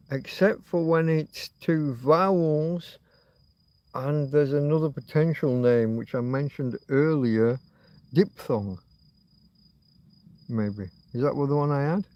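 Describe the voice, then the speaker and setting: A man's voice: on the high side, darkish tone, dry recording. A middle-aged man hosting a late-night livestream from outdoors, musing and swearing as he chats. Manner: musing, sweary, self-talking. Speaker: livestream host. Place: outdoors at night near a road.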